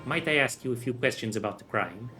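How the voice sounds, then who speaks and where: A man's voice: medium pitch, expressive, quick pace, natural voice. A courteous, formal female half-orc adventurer, as a man reads her part. She speaks with careful politeness. Faint music sits under the voice. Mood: polite.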